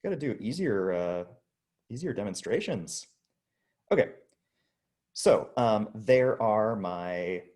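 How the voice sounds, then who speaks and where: A man's voice: lowish voice, darkish tone. A man teaching a casual online physics lesson, chatty and demonstrating with his body as he explains. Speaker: high school physics teacher.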